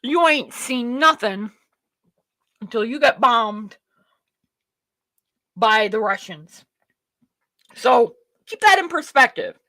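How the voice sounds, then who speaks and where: A woman's voice: a little high, lively intonation, slow pace, long pauses, sharp tone, no room sound. A woman hosting a livestream talk show, ranting bluntly and swearing freely, rambling with restarts and talking to herself. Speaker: show host. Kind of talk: livestream commentary.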